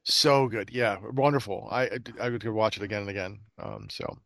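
A man's voice: on the low side, moderate pace, vocal fry, fairly bright tone, no room sound. A man hosting a casual podcast chat about bad movies, rambling with lots of fillers. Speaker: podcast host.

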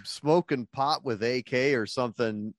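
A man's voice: medium pitch, measured pace, crowd noise. A man, a band frontman, telling road stories as a guest in a casual podcast chat and acting out what people said. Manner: animated storyteller, acts out quotes.

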